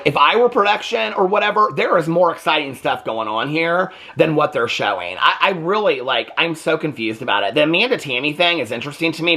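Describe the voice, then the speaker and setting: Bright, lively-voiced man recapping TV. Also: medium pitch. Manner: chatty and opinionated, with frequent "like" fillers. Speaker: TV recap host. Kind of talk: casual reality TV commentary.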